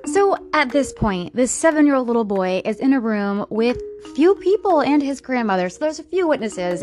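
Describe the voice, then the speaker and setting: A woman host telling a true paranormal story in a casual, blunt way, swearing freely as she goes. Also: a little high.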